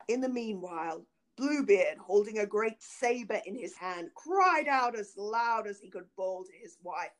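A woman narrating an old fairy tale in an expressive, dramatic reading. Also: on the high side, measured pace. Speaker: reader. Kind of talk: storybook narration.

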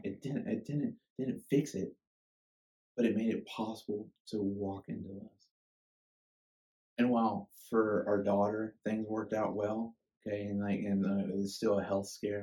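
Low-voiced man preaching, mic at a distance. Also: darkish tone. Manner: emotional, conversational storytelling with frequent "okay?". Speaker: pastor. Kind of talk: sermon. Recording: voice from far off the mic.

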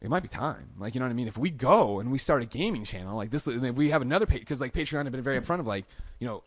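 A man speaking as a podcast guest, racing through his stories at a brisk clip. He tells them casually and animatedly, and he jumps into quoted lines in a raised voice. His voice sits in a mid range and comes through dry and close on a studio mic. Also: mid-range voice, animated, no room sound. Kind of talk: casual storytelling interview.

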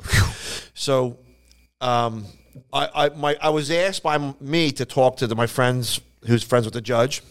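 Smooth-voiced man telling animated stories. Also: a little slow. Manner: animated storyteller who jumps into high voices for quoted people. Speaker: podcast co-host. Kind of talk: casual storytelling chat.

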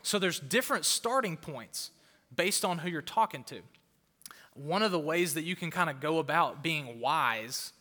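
A man's voice: a little high, lively intonation, moderate pace, bright, forceful tone. A male pastor preaching a fired-up sermon to a crowd in a church auditorium, often repeating words for emphasis. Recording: long hall reverb.

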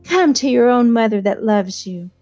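A woman reading aloud and voicing a doting young society wife in a crooning, drawn-out way. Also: a little high, animated, darkish tone, dry recording, faint music behind, pitched above the performer's own voice. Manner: crooning, breathy-sweet, drawn-out.

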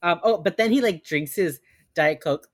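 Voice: medium pitch, normal speed, no echo. A podcast host recapping a TV episode scene by scene from notes, chatting casually with fillers. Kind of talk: casual chat.

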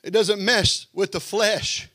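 A man preaching a fervent sermon as pastor, building to shouts and then dropping low. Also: steady tone, takes it slowly, dry recording.

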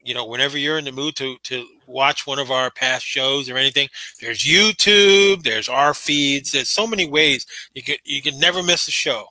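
A man's voice: medium pitch, moderate pace, few pauses, sharp tone, no echo, poor audio. A man co-hosting a casual podcast, talking bluntly and ranting in exasperation. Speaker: podcast co-host.

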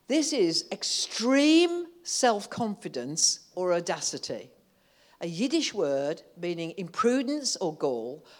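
Preaching in church, a woman with a fairly low, slightly mellow voice starts out teaching conversationally. Her sermon builds into impassioned, fervent calls and outbursts.

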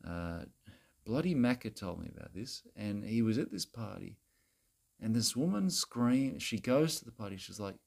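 This comedy character monologue features a man with a lowish, slightly mellow voice, vocal fry, lively intonation and normal speed. Speaking to camera as a crude, self-righteous Australian bloke, he rambles and repeats himself in a preachy satirical rant aimed at women, with "mate" and "bloody" in nearly every line.

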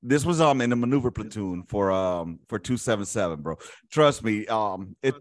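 A man's voice: fairly low pitch, animated, normal speed. A man in casual podcast banter, laid-back and profane. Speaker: podcast co-host. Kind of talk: casual chat.

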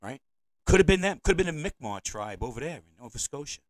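A man's voice: on the high side, sing-song, fast talker, no room sound, poor audio. A man, hosting a podcast as an opinionated monologue. He rambles, repeats himself and says provocative things. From United States. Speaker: podcast host. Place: indoors, seated at home.

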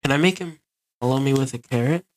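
A man's voice: mid-range voice, fast. A man giving casual, rambling gameplay commentary and talking to his viewers. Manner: rambling, easygoing, talks to viewers. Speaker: gaming video creator.

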